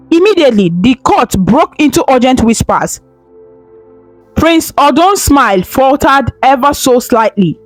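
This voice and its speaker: A woman narrating a folktale in a dramatic, expressive way. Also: sits high, measured pace, no echo, soft background music, rough recording. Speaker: storyteller.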